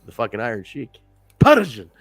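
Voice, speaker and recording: A man talks casually on a podcast, rambling and swearing freely and laughing along the way. His pitch sits mid-range but swings widely, and faint music plays underneath. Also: wildly swooping pitch, normal speed, a bit bright, no room sound. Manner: rambling, profane, laughs often. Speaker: podcast co-host. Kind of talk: casual wrestling review chat.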